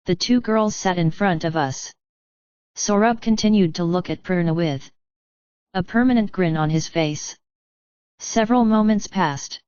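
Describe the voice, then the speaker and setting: A woman narrating an audiobook in a measured, even storytelling read. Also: fairly low pitch, smooth, dry recording, highs cut off. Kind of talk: scripted narration.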